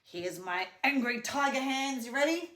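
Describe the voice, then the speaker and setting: A woman's voice: on the high side, animated, fairly bright tone. A young woman, a speech pathologist, leads a children's lesson, teaching hand signs and singing a simple animal song in a sing-song way. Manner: sing-song, slow and clearly paced for a child. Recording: roomy echo.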